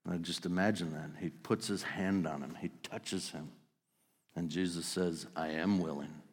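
A man preaching a sermon, telling the story vividly and swinging between loud outbursts and hushed lines. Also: low voice, steady tone, unhurried, slightly rough, big-room sound. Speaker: pastor.

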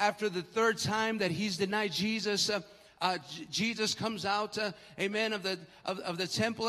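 Guy preaching a sermon, pretty high voice, acts out the quotes, long church echo on a live stream. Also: bright, forceful tone. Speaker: pastor. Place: church sanctuary.

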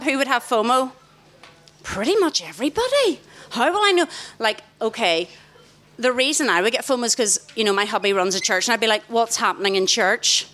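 Woman talking to a youth crowd in a big tent, fairly high voice, keeps firing questions at them. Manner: animated, questions the crowd directly. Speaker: youth event speaker. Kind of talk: interactive talk to a young audience. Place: large festival tent, live audience.

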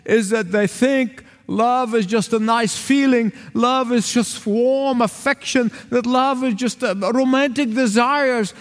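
A man's voice: very high voice, big-room sound. A male pastor from the Arab world preaching a sermon with an emphatic, repetitive cadence.

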